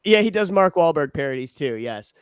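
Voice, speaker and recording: A man in relaxed, profane podcast banter. His voice sits a bit high, and it comes through clean and smooth, with a close, dry studio sound. He laughs easily while retelling things. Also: fairly quick, dry recording. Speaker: podcast co-host. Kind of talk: casual podcast chat.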